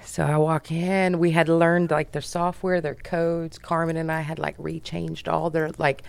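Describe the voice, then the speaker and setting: An American woman, a business founder, telling a story as a podcast guest in a brash, profane, animated way. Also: deep voice, measured pace, creaky.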